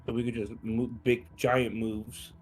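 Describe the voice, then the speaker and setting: A man's voice: medium pitch, flat delivery, unhurried, a little mellow. Guy at the table asking stuff, going through his spells one by one, normal mid voice, typing behind. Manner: inquisitive, lists options methodically. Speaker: player. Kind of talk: casual tabletop chat.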